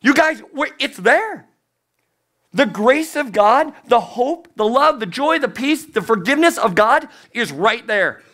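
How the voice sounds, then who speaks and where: A man's voice: extremely high pitch, expressive, a little slow, pushed and bright. A man preaching a sermon as a youth pastor, emphatic and repeating key phrases, his voice climbing on the points he stresses.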